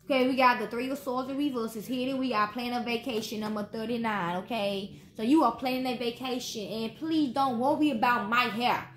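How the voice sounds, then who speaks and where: A woman in her twenties with gives a casual tarot reading in a fairly high voice. She talks bluntly, swears freely and keeps tagging "okay?" onto her lines. The sound echoes off the walls of the room. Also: a little fast, few pauses, a bit bright. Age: 20s. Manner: blunt, profane, says okay constantly. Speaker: tarot reader.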